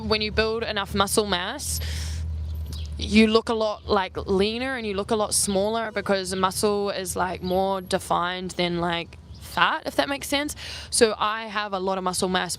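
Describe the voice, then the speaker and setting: A young travel vlogger from New Zealand talks through viewer questions in a loose, rambling way. Her pitch sits in the middle for a woman, and she fills her sentences with "like" and quick asides. A faint hum of outdoor noise runs under her voice. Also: fairly bright tone. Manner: chatty, heavy use of "like", quick asides. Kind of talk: casual Q&A chat. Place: outdoors on an island.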